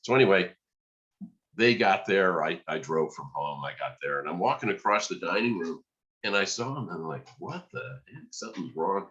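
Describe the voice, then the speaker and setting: A man, a podcast guest, telling a lively story and acting out the dialogue. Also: deep voice, moderate pace, lo-fi sound. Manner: animated storyteller, acts out quoted dialogue. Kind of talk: storytelling in conversation.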